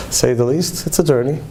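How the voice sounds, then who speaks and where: Earnest heartfelt man, mellow voice. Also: medium pitch, slight background noise. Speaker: speaker addressing parents. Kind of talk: emotional talk to a live audience.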